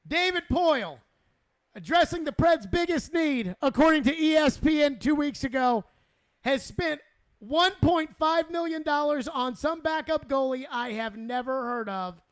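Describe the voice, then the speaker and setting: A man's voice: extremely high pitch, lively intonation, a little slow. A man hosting sports talk radio, exasperated and sarcastic, repeating himself as he rants.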